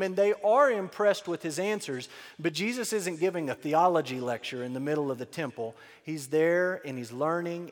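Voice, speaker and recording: A man preaching a sermon, his voice sitting somewhat high for a man. He tells the story with emphasis and settles into an earnest, lower tone to drive his points home. His words ring out with a long reverb, as if spoken in a large hall. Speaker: pastor.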